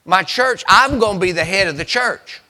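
A man preaching a sermon as pastor, restarting phrases and building to emphatic, slowed punchlines. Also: sits high, animated, pushed and bright.

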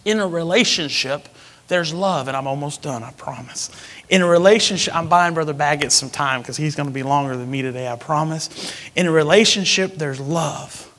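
A man preaching a sermon, telling a personal story with animated, sudden loud outbursts. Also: a little high, brisk.

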